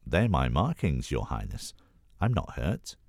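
A graceful female okapi from a children's storybook who speaks softly and politely. She comes across as gentle and unhurried, voiced by a man with a very deep voice. The recording is close and dry. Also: very animated, no room sound, exaggerated voice.

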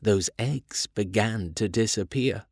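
A man reading children's stories aloud in a playful, animated way. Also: fairly low pitch, slow, husky, no echo, studio quality. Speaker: reader.

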